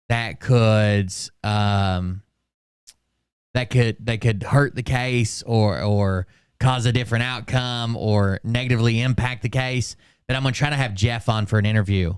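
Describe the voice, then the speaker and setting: A man's voice: mid-range voice, fairly even intonation, moderate pace, clear, resonant tone, no echo, clean studio sound. A man hosting casual commentary, sardonic and swearing freely. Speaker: commentary streamer.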